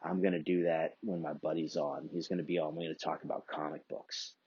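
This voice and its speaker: A man's voice: very deep voice, flat delivery, brisk, a little mellow, husky, no room sound, muffled recording. A man hosting his own podcast, rambling casually and profanely and chuckling often between thoughts. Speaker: podcast host.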